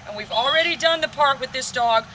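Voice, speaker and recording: A woman's voice: high voice, fairly quick, distant mic, noisy background. A woman dog trainer explaining steps plainly to viewers during an outdoor training demo. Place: outdoors on a rural training field.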